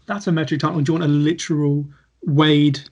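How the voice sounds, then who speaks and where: A man's voice: fairly high pitch, little pitch movement, brisk, a little mellow, highs cut off. A young man co-hosting a podcast, chatting casually and asking dry follow-up questions. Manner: easygoing, encouraging backchannel, dry questions. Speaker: podcast co-host. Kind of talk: casual chat over beers.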